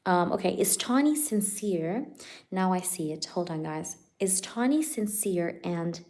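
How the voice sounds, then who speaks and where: This tarot reader's slightly low voice is animated yet a little slow as she hosts a casual live reading. Laughing often and filling her talk with "like" and "you know," she chats freely with viewers and quiets down when calling on the spirits for cards.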